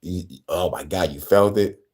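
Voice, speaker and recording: A young man with a New York accent, co-hosting a casual, profane podcast chat, animated and laughing often. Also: sits low, moderate pace. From New York, Bronx. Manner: animated, laughing, swearing, breaks into rap voices. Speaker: podcast co-host.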